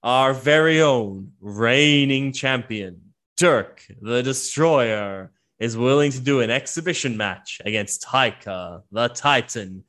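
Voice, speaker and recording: A showy fight-ring announcer, drawn-out and grand as he hypes the crowd, put on by the game master. He stretches his words slowly for effect. A tabletop-game figure with a ringmaster's flair. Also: medium pitch, fairly bright tone. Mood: hyping.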